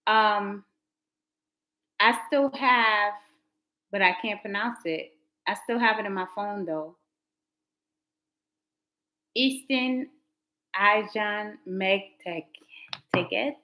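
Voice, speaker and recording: A woman's voice: mid-range voice, slow, long pauses, bright, forceful tone, low-quality recording. A woman, hosting a casual live tarot stream and chatting and laughing with her viewers. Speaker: livestream host, tarot reader.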